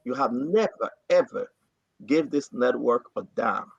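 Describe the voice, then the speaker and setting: A man hosting a talk show, giving impassioned, repetitive political commentary in a husky, gravelly voice. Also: mid-range voice, measured pace, dry recording. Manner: repetitive, rising to animated outbursts. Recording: dry, dull lo-fi audio.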